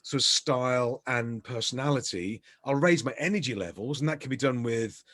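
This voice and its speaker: Male coach, conversational, mid-pitched voice, easygoing panel chat. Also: moderate pace, a bit bright. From England. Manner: chatty, self-deprecating, lots of restarts. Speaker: business coach.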